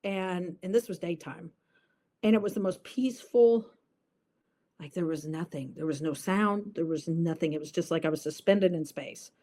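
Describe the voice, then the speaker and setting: A woman's voice: fairly low pitch, normal speed, dark tone. A woman guest in an interview, telling a personal story earnestly and vividly, with many fillers.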